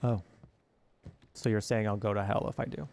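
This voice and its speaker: A man's voice: lowish voice, fairly even intonation, normal speed, darkish tone, a little hiss or hum. A man giving playful, goofy let's-play commentary while reading game text aloud. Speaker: gaming streamer.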